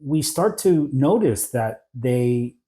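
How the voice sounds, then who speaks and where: A man's voice: mid-range voice, big pitch swings, slow pace, warm tone. A middle-aged man, a licensed therapist, talking reflectively in an interview and often checking in with his listener. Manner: reflective, affirming, keeps checking in with "right?". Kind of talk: conversational interview.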